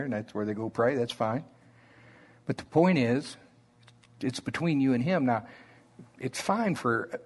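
A man preaching a sermon in a slow Oklahoma drawl, deliberate and conversational. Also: mid-range voice, husky.

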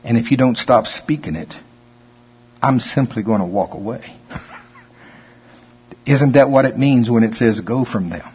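A man pastor preaching a sermon in a church, reading scripture slowly and then commenting on it in a folksy, conversational way. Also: medium pitch, husky. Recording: long hall reverb, dull lo-fi sound.

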